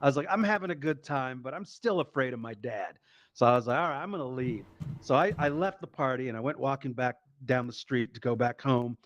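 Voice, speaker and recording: A man doing stand-up comedy, telling a story in a lively, profane way and acting out the voices of the people in it. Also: medium pitch, a little fast, muffled recording, a little hiss or hum. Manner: animated, profane, acts out quoted voices.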